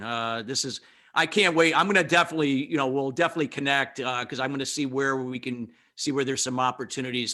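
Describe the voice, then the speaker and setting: An upbeat man hosting a radio interview, his voice bright and forward at an ordinary pitch. He is enthusiastic and affirming, with casual fillers. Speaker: radio show host.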